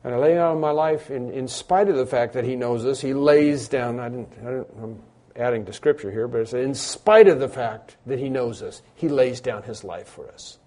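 A man's voice: medium pitch, moderate pace, mellow. A man preaching a sermon as a pastor, earnest and insistent, repeating his phrases over and over with frequent restarts.

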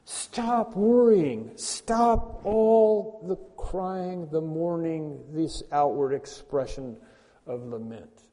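A calm male teacher urges mourners to stop weeping, commanding yet reassuring, as a preacher puts him on. The voice is mellow, and a long hall reverb hangs on every line. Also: a little high, very slow.

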